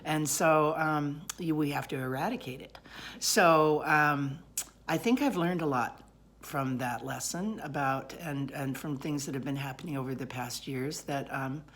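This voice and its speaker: A woman telling a personal story aloud in an animated, rambling way, with many pauses and fillers. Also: deep voice.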